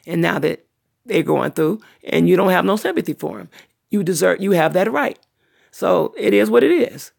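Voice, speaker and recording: A woman's voice: on the low side, lively intonation, moderate pace, gravelly, a little mellow, husky. A middle-aged woman hosting her own livestream, talking at length in a blunt, profane, long-winded way. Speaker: channel host livestreaming. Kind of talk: unscripted livestream rant.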